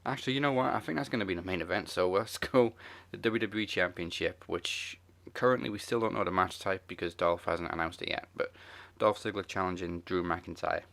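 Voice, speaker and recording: Deep-voiced, laid-back male host. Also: brisk, vocal fry, a bit bright. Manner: laid-back, moves the show along. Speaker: podcast host. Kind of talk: casual wrestling chat.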